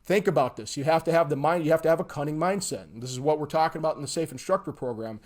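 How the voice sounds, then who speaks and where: A man's voice: fairly high pitch, rapid-fire. A man teaching a livestream lesson in an emphatic way, acting out examples and checking in with his audience after nearly every point. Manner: emphatic, keeps checking in with "okay?" and "all right?"; animated, acts out examples. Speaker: instructor.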